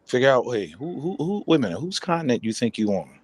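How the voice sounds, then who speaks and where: A man's voice: mid-range voice, very animated, fast talker, a little mellow, husky. A man joining a casual audio chat, mostly agreeing with short interjections.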